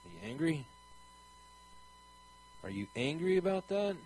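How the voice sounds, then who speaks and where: A man's voice: sits high, sing-song, measured pace, darkish tone, faint music behind, poor audio. A man speaking in a conversational preaching style, earnest and rambling, asking his listeners pointed questions. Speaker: traveling Christian preacher.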